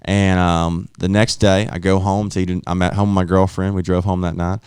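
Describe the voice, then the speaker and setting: A man, a guest comedian telling stories in a profane, animated way. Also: deep voice, fairly quick, clear, resonant tone, dry recording, clean studio sound. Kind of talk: casual storytelling.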